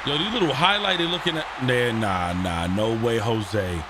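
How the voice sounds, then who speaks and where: A man's voice: medium pitch, normal speed, noisy background. A young man streaming a video game, talking casually and cursing at the screen. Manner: profane, trash-talking. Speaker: gaming streamer. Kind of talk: casual gameplay commentary. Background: video game audio.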